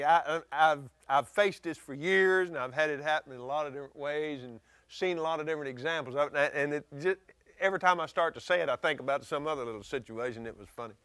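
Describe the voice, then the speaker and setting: A male preacher giving a folksy sermon, chuckling often and rising into shouts. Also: on the high side, no room sound.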